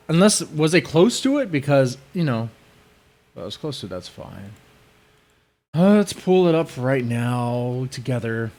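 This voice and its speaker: A man's voice: mid-range voice, very animated, takes it slowly, long pauses, a little mellow. A man hosting a live stream, chatting casually and wryly while reacting to a clip.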